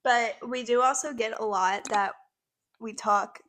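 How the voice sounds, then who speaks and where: A teenage girl co-hosting a podcast with friends, chatty and quick to defend herself. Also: fairly high pitch, steady tone, a bit bright. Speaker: podcast co-host. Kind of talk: casual chat.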